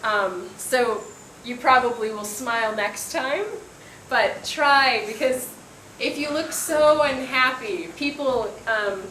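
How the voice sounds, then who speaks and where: A woman's voice: on the high side, slow pace, pushed and bright. A woman English teacher gives spoken feedback to a class, encouraging, with frequent ums and small laughs. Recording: echoey room, faint room noise.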